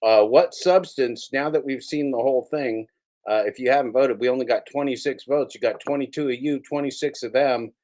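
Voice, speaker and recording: A man hosting a livestream, talking in a drawling, sarcastic way with lots of pauses and fillers. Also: mid-range voice, darkish tone. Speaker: livestream host. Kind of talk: casual livestream chat.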